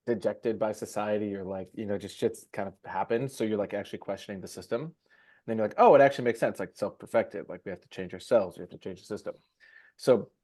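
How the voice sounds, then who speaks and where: A man with a somewhat low voice holds forth on a casual podcast. He rambles in a profane, emphatic, motivational way. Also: darkish tone. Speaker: podcast co-host.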